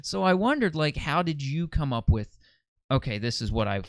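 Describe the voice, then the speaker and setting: A man hosting a podcast interview, asking questions casually with halting restarts. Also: on the high side, very animated, no echo. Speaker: podcast host.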